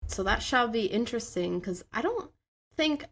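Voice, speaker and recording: A woman's voice: a little high, animated, normal speed, fairly bright tone, breathy edge. Upbeat woman hosting a podcast. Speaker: podcast host. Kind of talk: casual chat.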